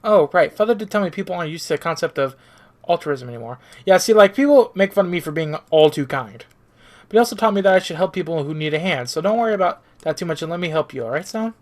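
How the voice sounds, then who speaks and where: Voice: medium pitch, animated, fast, close to an everyday voice. A streamer voicing a cheerful, kind young female android girl while reading a visual novel aloud, eager and sweet. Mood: friendly.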